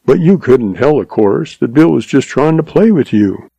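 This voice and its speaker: A quick-witted young cowboy spinning a tall tale with folksy ease, voiced by a male narrator. The voice is warm and mellow. It sounds close and dry, like a storybook reading. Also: medium pitch, animated, creaky, slightly rough, no room sound. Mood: mournful. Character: young cowboy, sly and smooth-talking.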